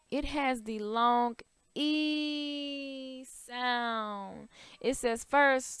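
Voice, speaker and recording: A woman teaching a recorded language arts class to young children, upbeat and encouraging, explaining each step slowly. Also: fairly high pitch, clean tone, no echo.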